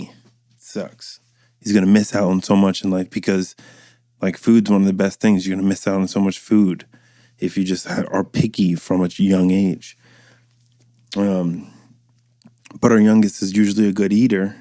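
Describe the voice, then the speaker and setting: A man's voice: sits low, little pitch movement, moderate pace, dark tone, no echo, studio quality. A man in his thirties hosting a podcast, telling loose, profane stories and acting out quotes in a casual monologue. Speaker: podcast host.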